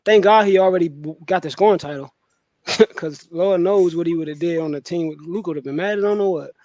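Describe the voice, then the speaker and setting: A man co-hosting a sports podcast, giving his opinions in relaxed, slangy talk. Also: on the high side, quick pace, no room sound, highs cut off.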